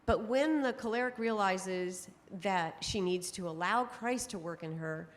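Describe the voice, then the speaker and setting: A middle-aged woman giving a conference talk to an audience, telling stories in a lively way and laughing often. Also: medium pitch, measured pace. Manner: lively storytelling with frequent laughs. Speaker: speaker on temperament psychology. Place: conference hall. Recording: long hall reverb.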